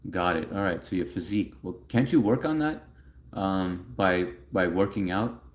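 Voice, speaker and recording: A man's voice: deep voice, animated, moderate pace. A young man hosting a livestream in a casual, rambling way, reading chat messages aloud and answering them.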